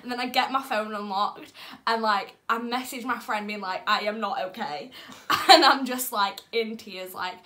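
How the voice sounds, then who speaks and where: Young woman, co-host vlogger, fairly high bright voice, excited rambling chat. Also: a little slow. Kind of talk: casual storytelling chat.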